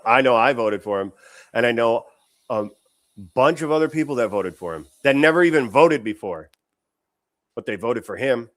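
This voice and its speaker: Guy ranting on his commentary stream, sarcastic and fired up, plain middle voice. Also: medium pitch. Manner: sarcastic, indignant. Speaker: show host.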